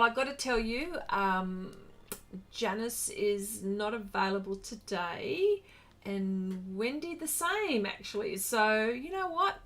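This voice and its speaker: An Australian woman hosting a casual art livestream, chatting and answering viewer comments in a rambling, friendly way. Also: fairly high pitch. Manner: brightens and rises when greeting viewers.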